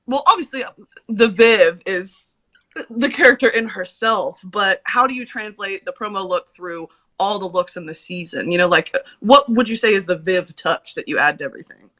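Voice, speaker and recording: A woman's voice: medium pitch, lively intonation, moderate pace, bright, forceful tone. A woman co-hosting an online audio chat, bubbly and teasing as she gushes over the guests. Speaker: co-host. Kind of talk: casual interview chat.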